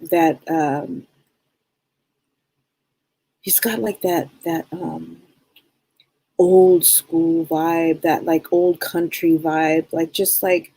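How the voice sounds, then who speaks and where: A woman giving a psychic reading on a live stream, talking in a rambling, halting way with many restarts. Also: fairly low pitch, mellow, slightly rough, dry recording. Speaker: psychic medium.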